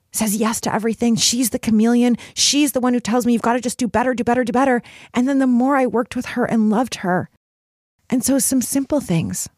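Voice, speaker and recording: A woman hosts a solo podcast, speaking in an earnest, emphatic, confessional way. Her pitch sits in an ordinary middle range. The recording is dry and close, with no room sound. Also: darkish tone, dry recording. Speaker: podcast host.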